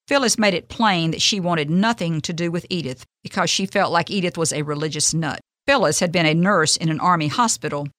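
A woman hosting a radio devotional, reading a faith story in an earnest, gentle, measured way. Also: fairly low pitch, dry recording, clean studio sound.

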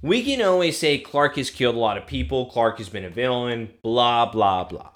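A man co-hosting a casual TV recap podcast, animated and laughing, with bursts of mock indignation. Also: mid-range voice, moderate pace. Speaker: podcast co-host.

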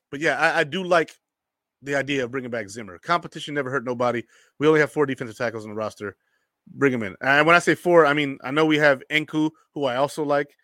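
An energetic man hosts a casual sports show and answers viewer comments. His voice is bright and forceful and swings between loud jokes and low asides. The sound is dry and close. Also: no echo. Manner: energetic, animated, joking, quick bursts.

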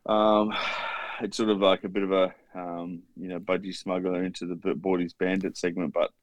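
A man's voice: deep voice, level tone, normal speed, dry recording. An Australian man co-hosting a podcast, bantering bluntly with swearing and trailing ums. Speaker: podcast co-host. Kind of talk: casual chat.

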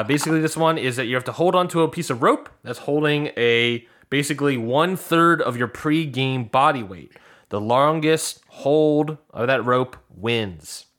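A man's voice: medium pitch, fairly bright tone. A man co-hosting a podcast, chatting casually and animatedly as he recaps episodes and acts out what people said. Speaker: podcast co-host.

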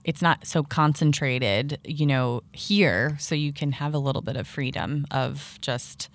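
Low-voiced New host woman. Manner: upbeat, laughs often, quick questions. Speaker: podcast host. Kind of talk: casual interview chat.

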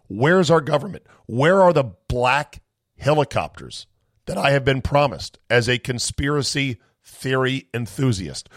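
Male host, mid pitch, dry close mic; ranting and incredulous, big swings between loud bursts and mutters. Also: no echo. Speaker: podcast host. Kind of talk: animated monologue and casual chat.

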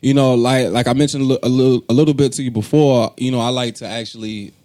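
A man's voice: mid-range voice, fairly even intonation, quick pace, mellow, no echo, studio quality. A man hosting a podcast in a laid-back, slangy way, introducing a guest. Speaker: podcast host. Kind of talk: casual podcast chat.

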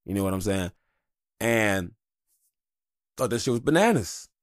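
A man's voice: on the low side, animated, measured pace, no echo, studio quality. A man hosting a podcast, talking in a candid, rambling, profane monologue. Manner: candid, rambling, heavy swearing. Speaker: podcast host.

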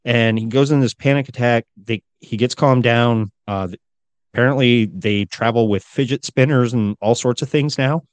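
A man's voice: medium pitch, normal speed, no room sound. A man co-hosting a casual podcast, telling a story loosely with lots of swearing and acted-out quotes. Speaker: podcast co-host. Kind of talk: casual chat.

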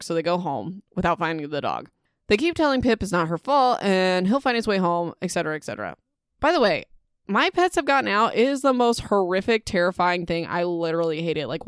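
A young woman chats through a book recap in a loose, rambling way, full of fillers and heartfelt asides. Her voice is smooth and a little low for a woman. The sound is close and dry, with no room around it. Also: no echo. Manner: chatty, lots of "like", emotional asides. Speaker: podcast host recapping a book. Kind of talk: casual book recap chat.

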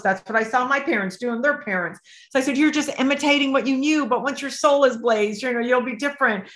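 A middle-aged woman, a life coach and interview guest, telling a story with lively, expressive acted-out dialogue. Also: fairly high pitch. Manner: acts out both sides of remembered dialogue, lively and expressive. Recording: roomy echo.

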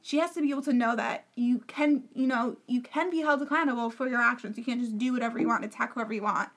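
A woman's voice: fairly high pitch, steady tone, quick pace, a bit bright. A woman co-hosting a podcast, chatting casually and emphatically about a reality TV show. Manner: opinionated, emphatic, talks over the other host. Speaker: podcast co-host. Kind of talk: casual reality-TV recap chat.

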